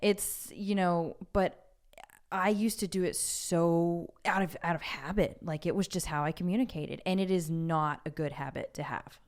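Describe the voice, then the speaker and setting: A woman's voice: lowish voice, moderate pace. A woman co-hosting a podcast, chatting frankly and casually about her own habits. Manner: frank and talkative, calls herself loud. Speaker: podcast co-host. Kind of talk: casual chat.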